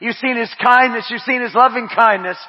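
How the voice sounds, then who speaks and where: A man preaching a sermon. He drops to hushed murmurs, rises to shouted refrains, repeats his phrases and speaks in tongues. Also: extremely high pitch, brisk. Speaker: pastor. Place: church sanctuary. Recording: dull audio with long hall reverb.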